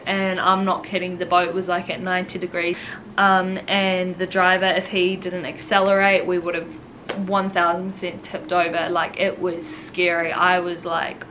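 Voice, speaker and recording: A woman's voice: fairly low pitch, pushed and bright, a little hiss or hum, poor audio. Young woman vlogging, rambling and emotional. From New Zealand. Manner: rambling, heavy use of "like" and "um", emotional. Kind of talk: casual storytelling to camera.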